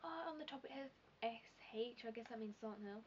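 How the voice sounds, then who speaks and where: Woman, let's-play commentary, self-deprecating and chatty, a little high, lo-fi hissy mic. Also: brisk. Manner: self-deprecating, chatty, thinking aloud while typing codes. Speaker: gameplay commentator. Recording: lo-fi home recording with background hiss.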